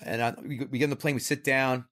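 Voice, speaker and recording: A man, a comedian guest on a podcast, chatting casually and telling stories with lively acted-out quotes. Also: medium pitch, fast. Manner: animated storyteller, acts out quoted voices. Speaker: comedian and show creator guest.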